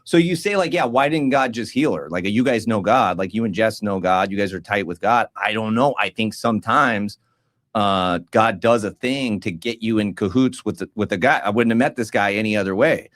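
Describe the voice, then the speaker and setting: Man, podcast co-host, casual chat, slangy storyteller, lowish voice. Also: normal speed. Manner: animated storyteller, slangy, acts out others' lines.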